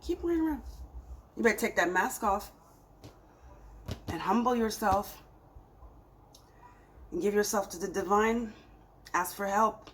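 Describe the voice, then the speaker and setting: A woman's voice: mid-range voice, unhurried, pauses often, fairly bright tone, slight background noise, poor audio. Exasperated woman giving a tarot reading. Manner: emphatic, scolding, exasperated pleading. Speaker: tarot reader. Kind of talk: spiritual reading to camera.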